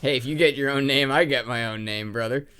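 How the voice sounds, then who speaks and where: A man casually co-hosting a game let's play, teasing his partner in quick playful bursts. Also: medium pitch, bright, forceful tone, clean tone. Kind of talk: casual gameplay commentary.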